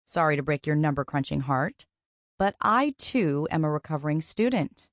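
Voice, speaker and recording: A woman's voice: low voice, animated, normal speed, no room sound. A woman playing a wry, ambitious young woman. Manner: wry, dry retorts.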